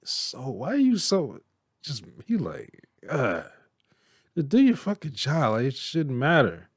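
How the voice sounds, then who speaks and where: A man's voice: medium pitch, wildly swooping pitch, takes it slowly, breathy edge, no room sound, clean studio sound. A man with a Southern American accent giving blunt, profane commentary while reacting to a movie, laughing and mimicking characters.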